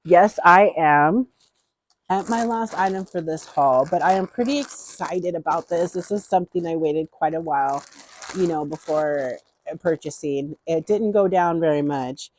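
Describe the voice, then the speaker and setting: A woman's voice: deep voice, a little slow, a little hiss or hum. A middle-aged woman chatting casually through a beauty haul, rambling and repeating herself with enthusiasm.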